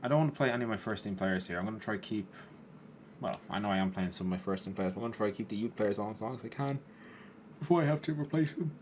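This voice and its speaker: Man, tired gameplay commentary, lowish voice, faint hiss, chatty and sweary. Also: rapid-fire. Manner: chatty, swears at players, rises in excitement. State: tired, yawning. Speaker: gaming YouTuber.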